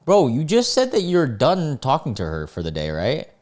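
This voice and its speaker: A man's voice: mid-range voice, wildly swooping pitch, moderate pace, darkish tone. A young man hosting a casual commentary, reading online messages aloud and reacting with incredulous, sarcastic remarks and lots of filler words. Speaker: host reading online posts.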